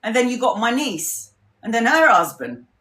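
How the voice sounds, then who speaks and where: A woman's voice: a little high, very animated, normal speed, bright, forceful tone. A woman, a tarot reader telling a personal story in a casual, chatty way, laughing often and swearing freely. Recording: roomy echo.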